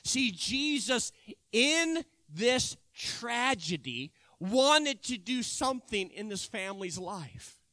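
A man preaching a sermon, retelling a scripture story with animated storytelling and emphatic bursts. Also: very high voice, slow pace, no echo, clean studio sound.

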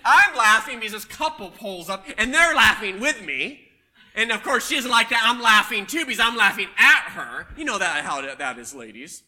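A man preaching a sermon, telling a personal story with emphatic, loud punches. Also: high-pitched, animated, moderate pace. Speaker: pastor.

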